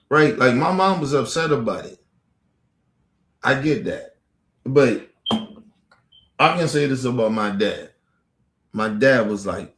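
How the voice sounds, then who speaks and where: A man's voice: mid-range voice, lively intonation, measured pace, pauses often. A man hosting a live stream, telling a personal story to his viewers in a blunt, profane, rambling way. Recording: echoey room.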